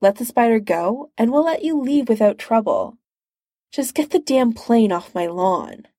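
A woman voicing a cocky, cheerful male hero in a storybook reading, teasing and relaxed. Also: a little high, unhurried, dry recording, clean studio sound, pitched above the performer's own voice. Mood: breezy.

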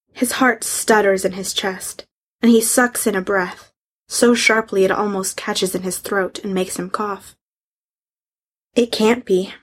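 Woman reading an emotional story. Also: medium pitch. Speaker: reader. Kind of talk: reading fan fiction aloud.

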